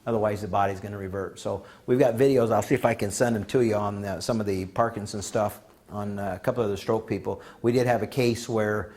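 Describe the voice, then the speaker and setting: A man whose voice is on the low side speaks a little fast at a conference. He recounts folksy stories with animation, playing out the dialogue of their characters.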